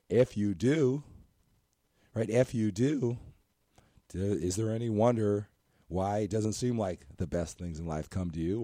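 A hoarse, scratchy-voiced man hosting a motivational podcast, talking earnestly in a rambling way and often asking "right?". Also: on the low side, mellow, no room sound, clean studio sound. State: hoarse from talking too much. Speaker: podcast host and coach.

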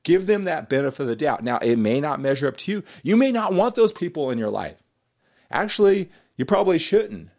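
A man hosting a podcast, talking straight to the listener in an animated, emphatic monologue full of "right?" and "you know". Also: fairly high pitch, fairly quick. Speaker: podcast host and coach.

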